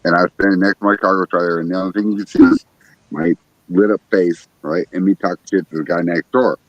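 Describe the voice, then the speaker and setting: A man's voice: low voice, steady tone, quick pace, no room sound, highs cut off. A man hosting a casual livestream, telling a profane story about his backyard and acting out what other people said. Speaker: livestream host. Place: outdoors in his backyard at night.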